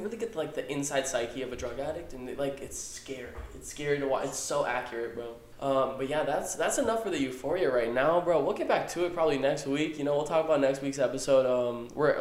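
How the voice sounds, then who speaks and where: A young man co-hosting a podcast, chatting casually and excitedly, swearing and saying "bro" constantly. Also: medium pitch. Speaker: podcast co-host. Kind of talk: casual chat. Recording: echoey room.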